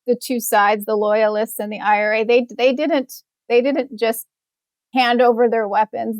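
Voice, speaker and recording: Woman policy guest, fairly high voice, dry studio sound, measured explaining. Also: no echo. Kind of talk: explanatory interview answers.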